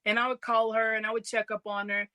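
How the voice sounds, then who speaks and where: A woman co-hosting a casual podcast chat who tells animated stories and acts out the voices of people in them. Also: fairly high pitch, fast talker, clean tone, no room sound. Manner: animated, acts out quoted voices, laughs easily. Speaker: podcast co-host.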